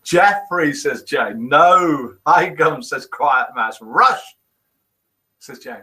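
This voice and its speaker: Lively, animated British man hosting a quiz. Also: on the high side, drawn-out words, rough recording. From United Kingdom. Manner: lively, chuckling, playful quiz-master banter. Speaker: host of a daily live show. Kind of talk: casual live-stream chat, reading out comments.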